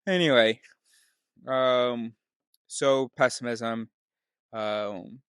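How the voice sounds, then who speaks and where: A man's voice: mid-range voice, extremely slow, fairly bright tone, smooth, dry recording. Rambling, self-interrupting man, dry close sound. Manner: meandering, self-interrupting, laughs at himself. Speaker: video host. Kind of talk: rambling solo video talk.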